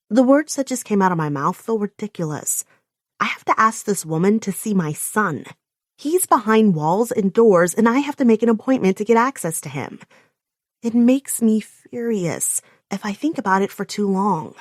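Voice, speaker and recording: A woman narrating a first-person audiobook with intense, emotional delivery and sharp outbursts. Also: mid-range voice, lively intonation, moderate pace, no room sound, clean studio sound.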